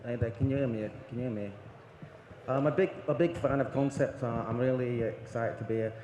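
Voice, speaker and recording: A man's voice: medium pitch, brisk, mellow, a little hiss or hum, natural voice. A man playing a helmeted fan with a put-on northern English accent, asking a rambling, mock-dismissive question. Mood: teasing. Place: large convention hall with audience. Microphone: handheld audience mic. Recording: echoey convention hall.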